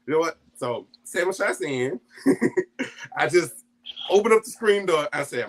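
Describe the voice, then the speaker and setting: A man's voice: a little high, a little slow. Man telling a personal story, laughing often. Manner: animated, laughs often between lines; acts out quoted family voices. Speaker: guest storyteller.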